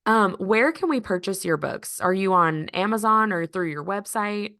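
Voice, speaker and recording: A woman's voice: medium pitch, lively intonation, normal speed, a bit bright, no echo, studio quality. A woman hosting a podcast interview, asking questions in a friendly, encouraging way. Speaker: podcast host. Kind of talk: casual interview chat.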